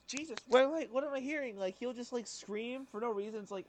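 Rambling high-voiced young man. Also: fairly quick, a little hiss or hum. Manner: rambling, filler-heavy, breaks into loud impressions. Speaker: podcast co-host. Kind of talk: casual podcast chat.

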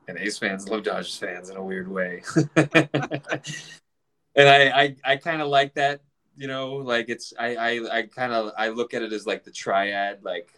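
With a fairly low-pitched voice, a man in his forties animatedly recounts a casual story, cursing freely and doing impressions of other people's voices.

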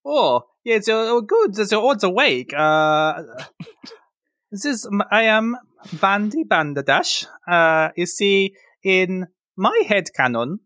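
A man's voice: high voice, sing-song, unhurried, fairly bright tone, no room sound, studio quality, pitched above the performer's own voice, heavily acted. A man voicing a fussy, cheerful priestess-healer with a raised, prim voice. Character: fussy male priestess-healer, chirpy and proper.

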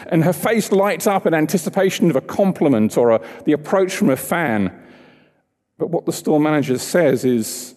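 Male preacher, mellow tone, conversational and engaging, long church echo. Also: on the high side. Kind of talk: sermon.

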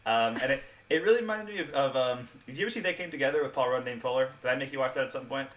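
A man co-hosting a podcast, chatting casually about a film, quick and animated, laughing often. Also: medium pitch, distant mic, a little hiss or hum. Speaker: podcast co-host.

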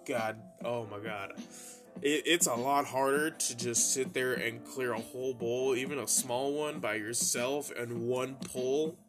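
Young guy rambling thru a story, slow drawl, swears a lot, laughs, soft music playing behind. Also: mid-range voice. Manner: profane, animated, laughs and mimics friends' voices. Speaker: podcast host telling stories. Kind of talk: casual storytelling monologue. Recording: faint music bed behind.

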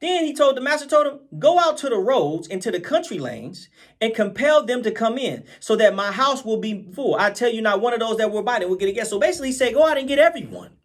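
A man with a high voice preaches an informal Bible study with lively energy. He keeps circling back with "right?", laughs now and then, and slows down for scripture readings. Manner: animated, repeats phrases, calls out "right?" to listeners.

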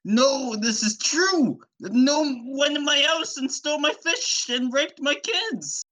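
A man voicing an excitable, loud male fisherman in a high, drawn-out comedic voice. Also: heavily acted. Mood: frantic. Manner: high-pitched, slow and drawn-out. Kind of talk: comedy podcast skit.

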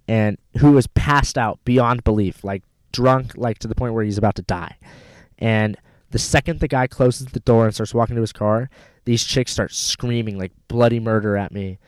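A man in casual chat, telling a rambling story full of swearing and animated retellings of what people said. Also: medium pitch, moderate pace, no echo. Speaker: rideshare driver telling a story.

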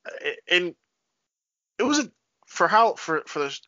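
Lively bright-voiced man chatting. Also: high-pitched, measured pace, no room sound. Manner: animated, steers the topics, frequent restarts. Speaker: podcast co-host. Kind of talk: casual chat. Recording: dull lo-fi sound.

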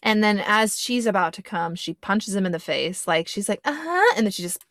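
A woman's voice: mid-range voice, fairly even intonation, brisk, a bit bright, no echo. A young woman in casual podcast chat, opinionated and emphatic, making sweeping asides.

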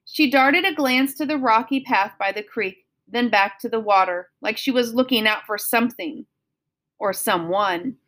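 A woman's voice: a little high, normal speed, a bit bright. Woman reading a children's novel. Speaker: audiobook reader.

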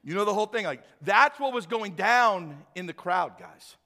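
Male pastor, high-pitched, bright, energetic sermon delivery, long hall reverb. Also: moderate pace. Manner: energetic, animated, addresses congregation directly.

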